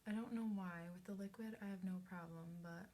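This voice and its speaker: A woman hosting a casual live makeup tutorial from home. She chats as she works and often slips into soft half-whispers. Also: mid-range voice, fairly even intonation, a little fast. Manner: chatty, drifts into soft half-whispers, coos at her cat. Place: indoors at home at a makeup mirror.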